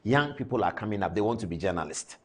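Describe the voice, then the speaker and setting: Indignant Ghanaian TV host, lively pitch. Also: fast, breathy edge. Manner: indignant, lecturing with repeated rhetorical questions. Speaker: TV morning show host. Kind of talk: live TV commentary.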